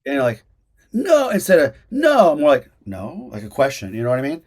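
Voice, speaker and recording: Actor-teacher type, middle pitch, lively and restless, lots of restarts, casual video-call answers. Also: male voice, racing. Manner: animated, many restarts and fillers.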